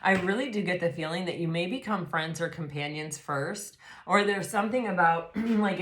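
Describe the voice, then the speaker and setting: Excitable woman reading tarot, echoey room. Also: fairly low pitch. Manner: gushing, excitable, lots of fillers and "oh my gosh". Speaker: tarot reader. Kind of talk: casual tarot reading to camera.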